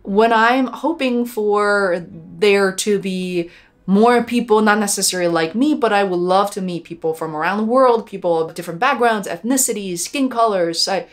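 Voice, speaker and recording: A woman, a documentary filmmaker, telling a personal story in a reflective vlog, earnest and heartfelt, often pausing on fillers. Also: mid-range voice, faint music behind.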